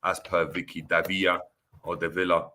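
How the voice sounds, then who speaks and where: A man hosting a casual football livestream, chatty and relaxed with lots of fillers. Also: low voice, normal speed. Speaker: host.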